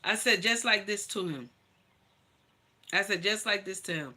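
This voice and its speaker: A woman's voice: mid-range voice, moderate pace, long pauses, pushed and bright. A woman hosting a livestream and telling her own story to viewers, blunt, emphatic and profane, calling her listeners honey. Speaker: livestream host.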